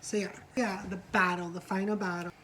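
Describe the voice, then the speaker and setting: A woman's voice: mid-range voice, flat delivery, fairly quick, pushed and bright, slight background noise, rough recording. Chatty gossiping woman recapping a show. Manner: chatty, gossipy, swears freely, acts out quotes. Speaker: co-host of a reality show review. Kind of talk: casual chat recap.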